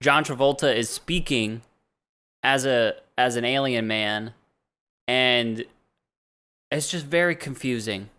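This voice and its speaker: A man's voice: mid-range voice, slow, pauses often, pushed and bright, smooth. A man co-hosting a casual podcast chat, thinking aloud in a bemused way with restarts. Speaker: podcast co-host.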